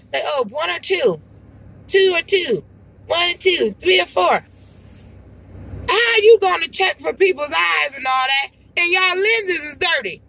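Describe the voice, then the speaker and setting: A woman's voice: high-pitched, bright, forceful tone, slight background noise, rough recording. A woman vlogging from her car as she drives, chatting in a rambling, exclamatory way with sighs. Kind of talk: casual chat to camera while driving. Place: car, driving.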